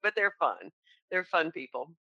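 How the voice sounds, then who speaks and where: A woman's voice: deep voice, very animated, moderate pace, no room sound, dull audio. A woman in her forties from North Carolina with a Southern accent, telling stories in casual conversation about her work in claims. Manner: chatty, storytelling, laughs often. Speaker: insurance claims professional.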